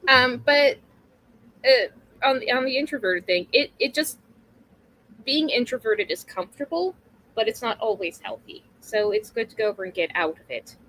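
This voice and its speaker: Bright-voiced chatty woman in her thirties. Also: fairly high pitch, expressive, normal speed, a little hiss or hum, poor audio. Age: 30s. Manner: chatty and rambling, laughs often, swears casually. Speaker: guest streamer. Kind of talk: casual interview chat.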